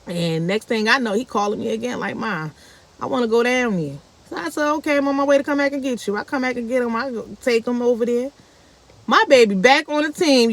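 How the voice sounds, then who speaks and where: A woman vlogger, telling a family story casually to her viewers and acting out the quoted lines. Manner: animated, acts out quoted speech with big pitch jumps.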